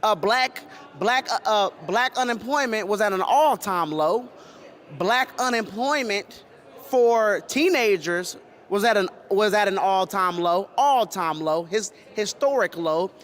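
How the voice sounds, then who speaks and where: A man from Texas with a high voice, answering questions in a street interview. He speaks passionately, stumbling over his words and repeating phrases as he presses his point. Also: animated, a little slow, a bit bright. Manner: passionate, repeats himself and restarts. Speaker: interviewee at a rally.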